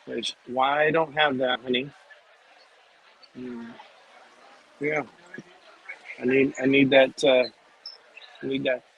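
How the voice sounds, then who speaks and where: A man's voice: medium pitch, flat delivery, breathy edge, dull audio. A man hosting a casual walking livestream, chatty and rambling, from a shop in a theme park. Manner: rambling, chatty, quick asides. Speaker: livestream host.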